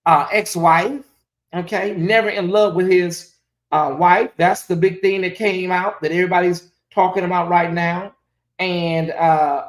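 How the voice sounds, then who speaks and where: A woman's voice: on the low side, a bit bright. A woman hosting a celebrity gossip show, talking straight to her viewers in a sassy, ranting way, rambling with fillers and cutting herself off. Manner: rambling with frequent fillers and self-interruptions.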